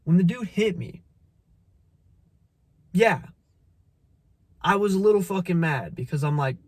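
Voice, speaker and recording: A man with a high-pitched voice delivers a casual motivational monologue, blunt and full of swearing. He preaches straight at the listener, repeats his points and trips over restarts. The recording is close and dry, with no room sound. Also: lively intonation, measured pace, pauses often, dry recording. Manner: repeats phrases, stumbles on restarts. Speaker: motivational vlogger.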